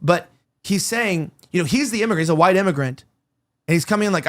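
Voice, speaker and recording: Fast-talking heated male commentator. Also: high voice, expressive, fairly bright tone. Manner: rapid, heated, rambling, with many restarts and quoted voices. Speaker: show host. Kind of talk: opinionated commentary chat.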